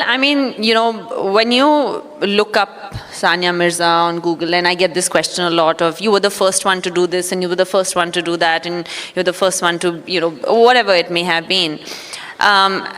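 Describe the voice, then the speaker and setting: A woman, a guest telling her story at an on-stage interview in a measured, reflective way, with many fillers. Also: on the low side, a bit bright. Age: 30s. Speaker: guest, former athlete. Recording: echoey hall.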